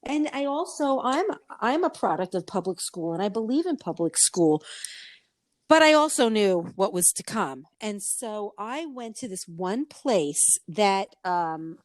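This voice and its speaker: A woman's voice: medium pitch, a little slow, dry recording. A middle-aged woman hosting a podcast, telling stories in casual chat and acting out the voices she quotes. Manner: animated storyteller, acts out quoted voices. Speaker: podcast host.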